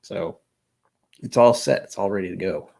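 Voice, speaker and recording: Low-voiced rambling livestream host. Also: male voice, normal speed, creaky, darkish tone, slight background noise. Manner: rambling, self-deprecating, with frequent restarts. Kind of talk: casual livestream chat.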